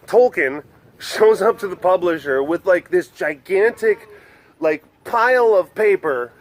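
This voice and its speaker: A young man with a higher-than-usual voice that swoops up and down as he talks. He rambles cheerfully, stacking fillers and restarts and breaking into little laughs. He sounds like a casual vlogger telling a story on the spot. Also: animated, measured pace. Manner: chatty, full of likes and restarts, laughing often. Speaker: vlogger at a wild animal facility. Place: wild animal facility.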